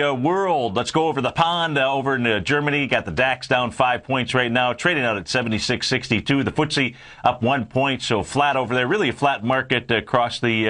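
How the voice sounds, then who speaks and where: A man's voice: mid-range voice, sharp tone. A man hosting a live trading show, walking viewers through market charts in a folksy way with frequent fillers.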